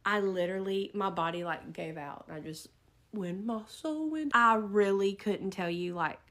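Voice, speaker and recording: A woman giving an animated, dramatic storytime narration. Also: medium pitch, unhurried.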